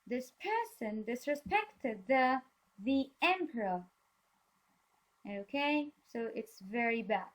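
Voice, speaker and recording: Slow, patient woman teaching young learners. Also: sits high, animated. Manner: slow, patient, praising and explaining words. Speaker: English teacher. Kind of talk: reading a story aloud for a class.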